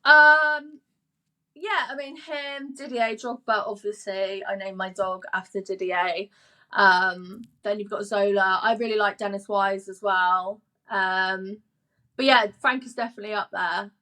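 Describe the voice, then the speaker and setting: A young woman tells anecdotes as a guest in a relaxed interview. Her voice is bright and forward, and she slips into little performances of what she and others said, often laughing. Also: medium pitch, measured pace. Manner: chatty storyteller, acts out quoted dialogue, laughs often. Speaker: guest, sports presenter. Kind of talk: casual interview chat.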